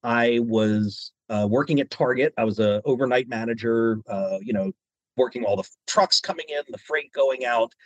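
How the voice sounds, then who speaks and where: Guest voice actor, male, husky, animated storyteller; dry, lo-fi sound. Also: medium pitch, moderate pace, no room sound. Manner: animated, drops into quoted voices. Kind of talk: interview storytelling.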